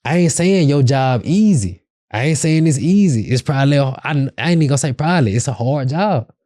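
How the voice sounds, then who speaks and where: A man's voice: mid-range voice, lively intonation, a little fast, mellow, no room sound, studio quality. A young man hosting a podcast, giving blunt relationship advice in slangy casual talk and acting out both sides of an argument. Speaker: podcast host.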